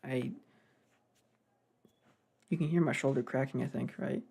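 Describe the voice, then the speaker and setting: Young man, casual devlog chatter, rambling, sidetracked, self-deprecating, warm mellow tone. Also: mid-range voice, fairly even intonation, unhurried, vocal fry, husky. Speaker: game developer vlogger.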